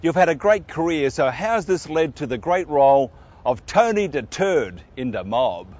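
A male TV interviewer with a New Jersey accent, reading a guest introduction in smooth, measured presenter style. His voice sits a touch high for a man. The audio is a little dull. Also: big pitch swings, a little mellow. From New Jersey, USA. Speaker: TV interview host. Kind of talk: scripted introduction and interview questions.

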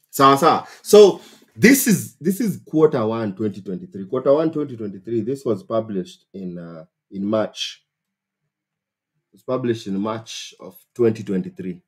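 Hosting a casual advice livestream, the man speaks with a Kenyan accent in a fairly low voice with a breathy edge. His delivery is animated and full of exclamations, with phrases repeated for emphasis.

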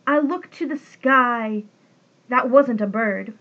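A woman's voice: fairly high pitch, slow pace, fairly bright tone, dull audio. A woman reading a rhyming children's story aloud in a sing-song way. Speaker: reader.

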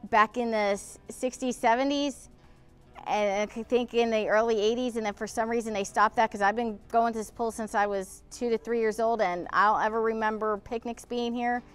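A woman's voice: a little high, clean tone. A woman hosting a local history vlog outdoors beside a pool, talking in a rambling, emotional way that gets heated, with swearing. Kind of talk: on-location vlog.

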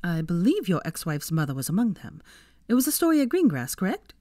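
A woman's voice: big pitch swings, mellow, no echo, studio quality. A woman reading aloud and voicing a clever, prickly young witch in a raised, exasperated tone. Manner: raised pitch, brisk and exasperated.

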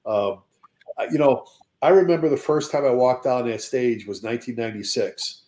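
A man chatting casually and telling lively stories as a fire service speaker. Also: medium pitch, moderate pace. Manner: animated storyteller. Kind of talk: casual chat.

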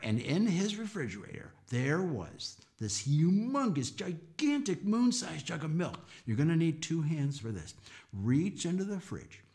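A man telling a story to children, animated and coaxing them to act along and count with him. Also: fairly high pitch, a little slow. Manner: animated, coaxing kids to join in. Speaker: children's storyteller and folk musician.

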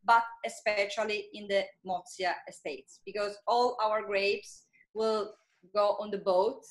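A woman's voice: mid-range voice, steady tone, measured pace. A woman from Sicily with an Italian accent, a winery estate manager chatting casually on a call, in English that is fluent but not her first language. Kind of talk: casual video-call chat.

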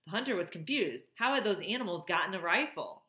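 A woman reading a novel aloud, sometimes pausing to comment on the story. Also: lowish voice, animated, pushed and bright, reverberant. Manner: pauses to comment on the plot. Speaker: reader.

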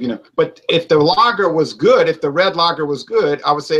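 A man with a slightly higher voice talks through a loose, casual debate about beer reviews. He rambles and stops to restart his points. His speech is full of hypotheticals. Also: normal speed, fairly bright tone, poor audio. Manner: rambling, hypothetical, self-interrupting. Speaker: beer reviewer and show host.

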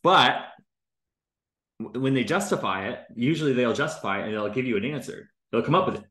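A man's voice: medium pitch, animated, a little fast, a bit bright, reverberant. A man reviewing a recorded sales call in casual commentary, loose and chatty, full of filler words and the odd swear.

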